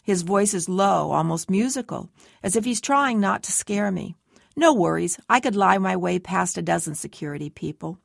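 An audiobook narrator with a gravelly, lowish female voice reads a first-person novel at normal speed. The studio-quality recording has no room sound.

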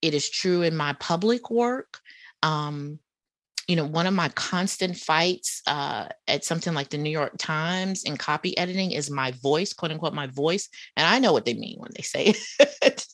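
A woman with a Southern accent talks in an interview. Her voice sits low, and the sound is dry and close. She is animated and laughs often. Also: normal speed, no room sound. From US South, Charlotte. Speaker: guest, author and professor. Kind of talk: conversational interview.

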